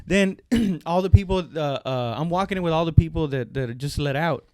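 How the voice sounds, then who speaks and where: A man co-hosting a comedy podcast, telling a long street story in casual chat and acting out the shouted lines of the people in it. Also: on the high side, brisk, hardly any pauses, no echo. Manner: animated storyteller, acts out shouted quotes, profane. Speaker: podcast co-host.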